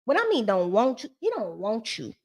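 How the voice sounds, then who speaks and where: This is casual live-stream talk from a high-voiced, lively woman going over a reality show episode. She chats loosely at a normal speed, sassy and shady, ranting at the people onscreen.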